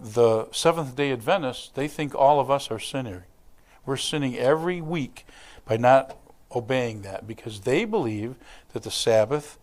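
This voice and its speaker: A man preaching as a church pastor, in a conversational, animated manner, acting out little quotes and scenes as he explains scripture. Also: mid-range voice. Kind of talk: sermon.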